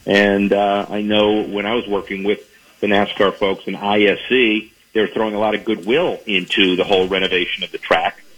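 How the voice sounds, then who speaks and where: Husky sports business guest man. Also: lowish voice, little pitch movement, fairly bright tone, rough recording. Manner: measured, hedging, dry humor. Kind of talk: call-in analysis.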